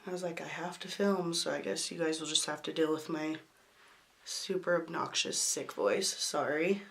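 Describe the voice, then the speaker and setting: Hoarse, sick-sounding woman vlogger. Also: deep voice, moderate pace. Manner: apologetic, chatty. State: hoarse from a cold. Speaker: beauty vlogger. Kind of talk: makeup tutorial talk.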